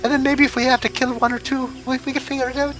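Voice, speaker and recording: A woman playing a tabletop game, chatting casually and thinking out loud as she plans. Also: high-pitched, level tone, very fast.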